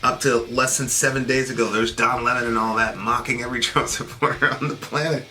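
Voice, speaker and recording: A man's voice: mid-range voice, steady tone, brisk, bright, forceful tone, soft background music. A man co-hosting a political talk show, venting in indignant, sarcastic bursts. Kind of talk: heated political commentary.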